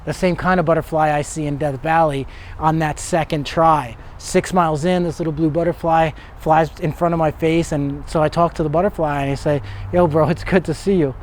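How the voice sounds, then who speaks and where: A man's voice: fairly high pitch, fairly even intonation, a little fast, slight background noise. A middle-aged man, a motivational speaker, telling a personal story in an earnest manner that builds to emphatic peaks.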